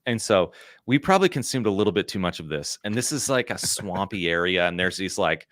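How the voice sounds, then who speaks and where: A man's voice: sits low, big pitch swings, fairly quick, a bit bright, no room sound, clean studio sound. A man in his thirties, a podcast guest, telling a story in a casual, rambling way full of "like" and "you know".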